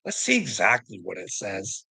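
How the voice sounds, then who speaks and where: Angry guy ranting at his viewers, cussing a lot, bright sharp voice, taunting questions. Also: lowish voice, huge pitch swings, normal speed, gravelly, slightly rough, no room sound, rough recording. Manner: profane, heated, rhetorical questions; mocking taunts with laughter. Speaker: vlogger. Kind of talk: angry commentary rant.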